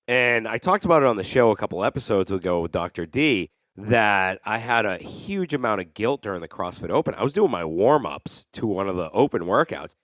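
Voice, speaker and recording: A podcast host in his thirties keeps the interview chat casual, telling stories with animation and performing the voices of people he quotes. His voice is on the low side, and the clean studio recording has no room sound.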